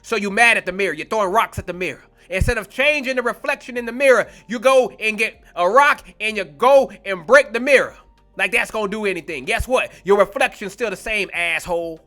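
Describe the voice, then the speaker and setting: A man preaching a fiery online sermon, blunt, confrontational and profane, slowing down to stretch key words for emphasis. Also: high voice, sharp tone, soft background music.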